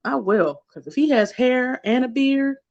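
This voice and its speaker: A woman's voice: sits high, animated, measured pace, a little mellow, highs cut off. A woman hosting a casual livestream, chatty and gushing, talking straight to her viewers with frequent laughs. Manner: talks to chat viewers directly. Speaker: livestream host.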